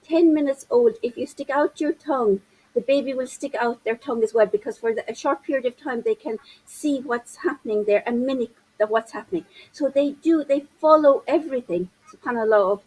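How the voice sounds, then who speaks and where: A husky, high-pitched woman with a breathy edge speaks as a guest in an interview. She explains parenting ideas in an animated way, gesturing with her hands as she goes. She sounds like she is in her fifties. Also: a little fast, low-quality recording. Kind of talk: interview conversation.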